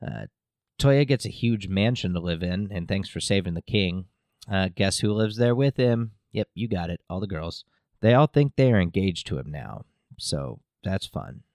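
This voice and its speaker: Low-voiced man rambling through a recap. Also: animated, moderate pace, a little mellow, no echo, clean studio sound. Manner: rambling, filler-heavy, jokey. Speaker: podcast host. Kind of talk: casual episode recap.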